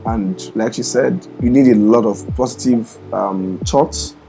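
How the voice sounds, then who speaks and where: A man co-hosting a vlog, giving earnest, encouraging advice in a halting way with many fillers. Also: mid-range voice, vocal fry, poor audio. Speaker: co-host, husband. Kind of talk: casual advice. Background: background music.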